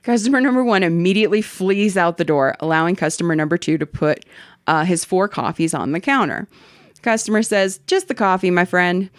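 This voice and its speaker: A woman's voice: lowish voice, a little fast, dry recording, clean studio sound. A woman hosting a casual podcast, animatedly reading a listener's story aloud with swearing and laughter. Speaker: podcast host.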